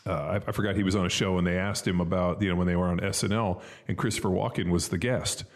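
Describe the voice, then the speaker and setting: A man's voice: sits low, fairly even intonation, quick pace. A man hosting a podcast, telling long rambling stories full of fillers in casual banter. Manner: rambling, filler-heavy storytelling. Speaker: podcast host.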